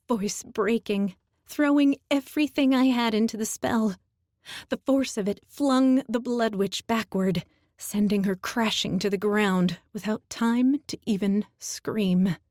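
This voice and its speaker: A woman narrates a first-person fantasy audiobook slowly and emotionally, close to a studio mic with no echo. Her voice is medium-pitched and a little mellow.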